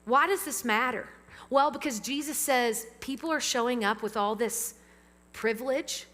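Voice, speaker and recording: A woman pastor preaching a sermon to a church congregation, lively and engaging them with questions. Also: fairly high pitch, moderate pace. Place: church sanctuary with amplified sound. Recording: long reverb of a church hall.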